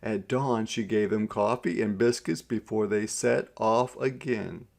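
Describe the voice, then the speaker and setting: Slow gravelly man reading a storybook. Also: on the low side, steady tone, a little mellow. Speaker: storybook reader. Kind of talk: read-aloud narration.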